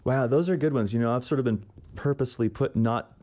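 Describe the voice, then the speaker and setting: A man, a voice actor guest, talking casually on a podcast in a relaxed, thoughtful way. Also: mid-range voice, fast talker.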